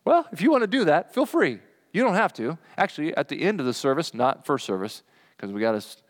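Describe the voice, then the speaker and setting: Earnest preacher in a reverberant church. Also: male voice, mid-range voice. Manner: earnest, chuckles often, voice rises when stirred. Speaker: pastor. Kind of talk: sermon. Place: church sanctuary. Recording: long hall reverb.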